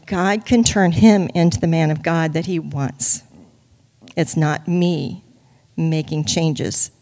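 An older woman sincerely sharing a personal testimony about her marriage, speaking deliberately. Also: deep voice, a little mellow, big-room sound.

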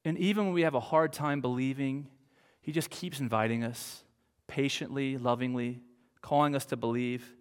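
A man in his thirties preaching a sermon, telling stories expressively and moving between animated bursts and hushed, soft passages. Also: mid-range voice, moderate pace, smooth. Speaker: pastor. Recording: long hall reverb.

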